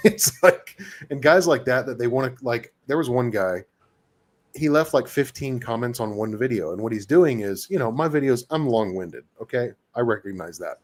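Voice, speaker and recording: A man's voice: mid-range voice, animated, normal speed. A man who makes gun videos, chatting casually in a rambling, filler-heavy, self-mocking way. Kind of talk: casual chat.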